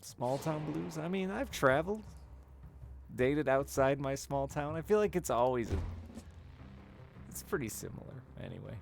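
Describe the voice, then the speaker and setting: Gravelly man in candid stream chat. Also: on the high side, animated, normal speed, long pauses. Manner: candid, rambling, laughs while telling stories.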